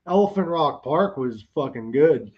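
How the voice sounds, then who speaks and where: High, lively laughing podcast host man. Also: a little slow, muffled recording. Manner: loud, laughing, swearing banter. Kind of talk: casual chat.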